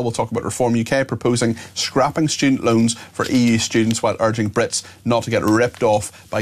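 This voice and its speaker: A Northern Irish man presents a talk radio show, chatting between listener messages he reads aloud. His voice sits a little low, with a gravelly fry.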